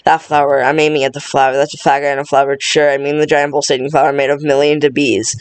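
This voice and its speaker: A man racing through a full movie script read-through in a monotone, tripping over words and restarting lines. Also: fairly high pitch, fast, clean tone, no room sound.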